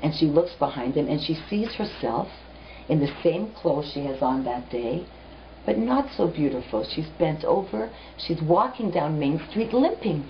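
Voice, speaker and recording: Animated woman teaching with stories. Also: lowish voice, unhurried, slight background noise. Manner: animated, direct, storytelling. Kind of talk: storytelling lecture. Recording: muffled lo-fi recording.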